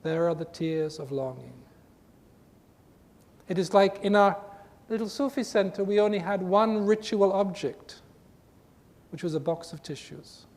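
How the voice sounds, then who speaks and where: A spiritual teacher, a man, gives an earnest talk to a group, repeating his points with emphasis at a measured pace. His voice is slightly mellow, and the reverberant hall adds a faint rumble.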